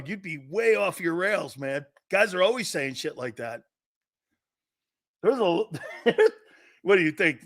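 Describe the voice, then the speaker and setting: A man's voice: high-pitched, a bit bright. A middle-aged man hosting a sports talk show, a brash, laughing trash-talker telling stories.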